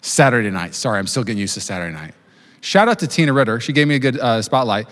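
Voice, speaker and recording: A man in his thirties preaching a sermon to his church, talking fast with jokes and self-deprecating asides. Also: medium pitch, expressive, fairly bright tone. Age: 30s. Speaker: pastor. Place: church auditorium with live congregation. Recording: long hall reverb.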